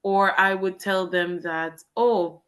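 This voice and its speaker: A woman's voice: fairly low pitch, animated, normal speed, a bit bright. A woman from Jamaica, an English teacher in Japan, chatting as an interview guest and acting out the exchanges she describes. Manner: storytelling, acts out quoted exchanges. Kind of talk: casual interview chat.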